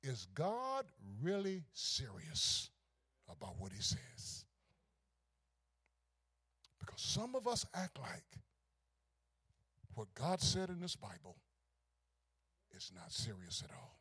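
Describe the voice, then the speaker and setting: A pastor preaching a sermon, swinging from hushed asides to shouted climaxes. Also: male voice, medium pitch, huge pitch swings, slow pace, long pauses, husky.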